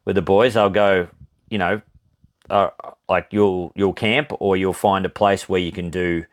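A man's voice: low voice, fairly even intonation, a little slow. A young Australian man co-hosting a podcast, telling a long rambling story in casual chat, swearing freely and laughing often. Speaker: podcast co-host.

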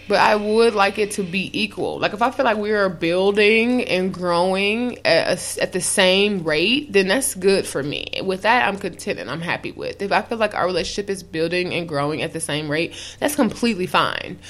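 Animated young woman telling frank stories. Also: medium pitch. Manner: animated storytelling, acts out quotes; frank, swears freely. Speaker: podcast co-host. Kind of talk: casual chat.

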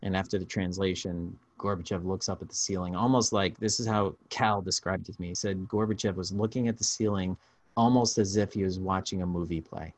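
A man hosting a podcast, telling stories in a casual, animated way with frequent restarts. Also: sits low, a little fast, dry recording. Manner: storytelling, animated, restarts often. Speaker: podcast host.

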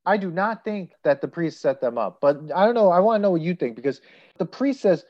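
Animated man on a dull lo-fi podcast. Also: high voice, brisk. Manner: animated, laughing, acts out movie lines. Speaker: podcast co-host. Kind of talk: casual movie chat.

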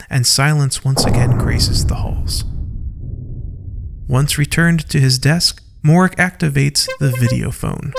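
Slow gravelly male narrator. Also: mid-range voice. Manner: slow, deliberate. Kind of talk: scripted audio drama narration.

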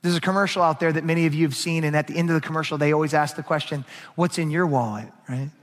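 A middle-aged man preaching a sermon as a pastor, his voice pitched high for a man. He swings between hushed, intimate passages and raised, emphatic lines. A long reverb from a large hall trails after each phrase. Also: steady tone, fast.

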